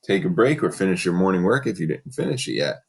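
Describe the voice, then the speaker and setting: A man's voice: sits low, big pitch swings, quick pace, creaky, breathy edge. A man teaching a third grade class in a recorded lesson, giving patient step-by-step instructions and reading from a textbook.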